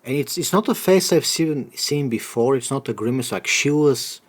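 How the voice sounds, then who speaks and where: A man's voice: mid-range voice, expressive, normal speed. A man chats on a podcast in a loose, rambling way. He swears freely and breaks into laughter often. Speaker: podcast host. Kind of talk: casual podcast chat.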